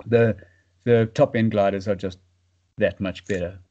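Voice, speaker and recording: A man from South Africa, a paragliding pilot and podcast guest, chatting casually and trailing off into quiet fragments. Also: lowish voice, fairly even intonation, unhurried, dull audio.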